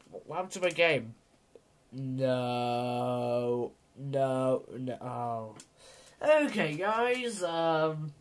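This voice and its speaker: A man commentating on his own gameplay, rambling and self-mocking, swinging from mumbles to loud outbursts. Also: mid-range voice. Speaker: gaming vlogger. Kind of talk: let's-play commentary.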